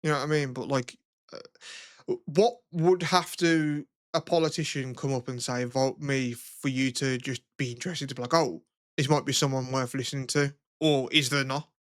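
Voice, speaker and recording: A man's voice: mid-range voice, moderate pace, no room sound, clean studio sound. A young man, co-hosting a podcast in casual chat, rambling and swearing freely as he tells stories. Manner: rambling, swears a lot, animated retelling. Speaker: podcast co-host.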